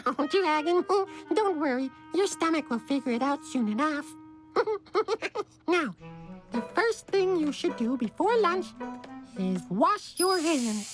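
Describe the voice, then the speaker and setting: A high, prim cartoon mouse. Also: female voice, big pitch swings, slow pace, exaggerated voice. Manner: patient, gently correcting, giggly. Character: prim little mouse teaching manners. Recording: cartoon soundtrack with music.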